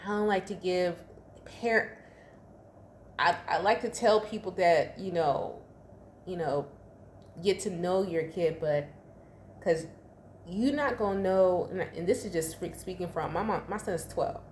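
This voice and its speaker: Woman, tarot reader, low-ish voice, echoey room, chatty and laughing. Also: unhurried, long pauses, slight background noise. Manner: chatty, laughs often, slangy asides. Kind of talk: casual tarot reading. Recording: echoey room, faint ambience.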